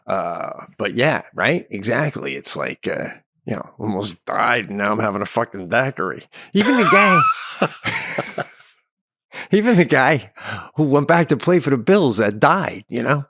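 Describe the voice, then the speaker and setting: A middle-aged man co-hosting a comedy podcast, talking in an animated way and laughing as he acts out lines in his stories. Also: mid-range voice, a little slow, no echo, clean studio sound. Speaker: podcast co-host. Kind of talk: casual comedic chat.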